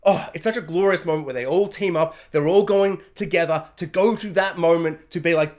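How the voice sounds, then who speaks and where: Excitable high-voiced man gushing. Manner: excitable, gushing, mimics characters in quick bursts. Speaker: reviewer. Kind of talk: animated TV review rant.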